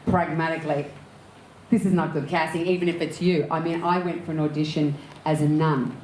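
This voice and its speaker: Lively Australian woman telling stories, roomy hall. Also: deep voice, fairly quick, background noise. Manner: lively, laughs often while telling anecdotes. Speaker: actor and director, interview guest. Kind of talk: candid storytelling in an onstage conversation.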